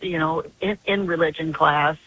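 A woman's voice: low-pitched, steady tone, moderate pace, fairly bright tone, husky, no echo, low-quality recording. An older woman, a grandmother, calling in to a radio show and telling a long story in an earnest, chatty way. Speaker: caller. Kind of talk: phone-in call.

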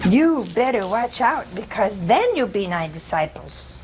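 A woman giving an informal scripture teaching to a small group, conversational and humorous, often pausing to ask her listeners "See?". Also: a little high, low-quality recording. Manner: conversational, keeps asking "See?" and questioning listeners; homespun humor, laughs at her own jokes. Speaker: religious teacher.

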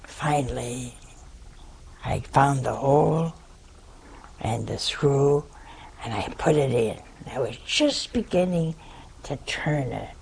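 Older woman, a nun, spinning unhurried self-mocking anecdotes in a gravelly voice. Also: extremely low pitch, expressive, darkish tone, a little hiss or hum. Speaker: nun giving a talk. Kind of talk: humorous storytelling talk.

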